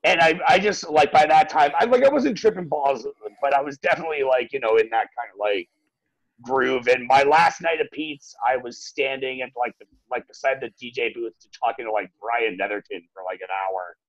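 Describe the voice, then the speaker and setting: A man's voice: mid-range voice, normal speed, no room sound, poor audio. A man telling a story in casual chat, full of fillers and swearing, acting out what others said. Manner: animated, swearing, many fillers, acts out voices.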